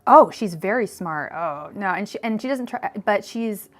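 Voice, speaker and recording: A woman's voice: medium pitch, lively intonation, moderate pace. Chatty tarot lady reading cards live, rambles off topic a lot, faint music in the background. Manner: chatty, digressive, frequent fillers and restarts. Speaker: tarot reader.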